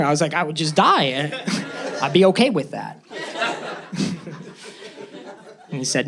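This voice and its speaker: A young man performing stand-up comedy on a club stage, nervous and self-deprecating, jumping into squeaky tones for punchlines. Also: a little slow, long pauses, background noise. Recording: live crowd laughing. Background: audience laughter.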